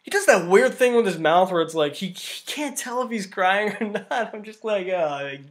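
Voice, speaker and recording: Ranting man reviewing a movie, fairly high voice. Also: moderate pace, a bit bright. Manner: ranting, exasperated.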